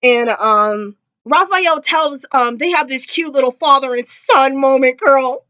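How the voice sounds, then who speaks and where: Woman vlogger, casual gushing fan recap, high voice, dry slightly lo-fi home recording. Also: a little slow, few pauses, bright, forceful tone, no room sound. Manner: gushing, emotional fan talk with many fillers; close to tears at times. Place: indoors at home.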